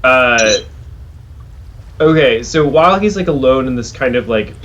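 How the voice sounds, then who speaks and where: A man's voice: mid-range voice, animated, measured pace, fairly bright tone, highs cut off. Rambling man playing a tabletop game. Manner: rambling, heavy use of "like". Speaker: player. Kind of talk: describing his character's actions in a tabletop game.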